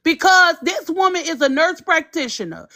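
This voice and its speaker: A woman's voice: extremely high pitch, animated, normal speed, bright, forceful tone. A woman, hosting a livestream and talking in a blunt, impassioned, profane way. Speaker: livestream host. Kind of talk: emotional livestream commentary.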